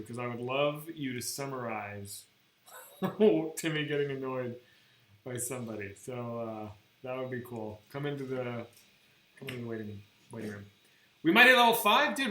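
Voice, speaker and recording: A man with a bright, forceful mid-range voice chats casually during a gaming live stream. He rambles, curses, and keeps restarting, and the recording sounds roomy with faint background noise.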